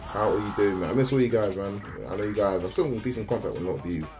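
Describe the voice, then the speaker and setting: A man's voice: on the low side, very fast, a little mellow. A man, chatting casually on a livestream in a rambling, slangy way that often breaks off mid-sentence. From South West London. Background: faint radio music.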